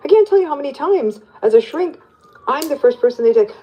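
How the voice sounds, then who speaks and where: A woman psychologist explaining in an interview, animated and lively as she acts out what people say. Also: sits high, fast talker, slightly rough, lo-fi sound. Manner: animated, plays out quoted voices. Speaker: psychologist guest.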